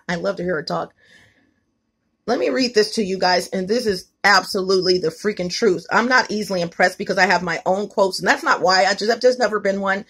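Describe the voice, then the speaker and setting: This kitchen vlogger has a mid-range, slightly bright and slightly rough voice and talks fairly quickly. Holding her phone at home, she addresses viewers directly, emphatic and repeating herself.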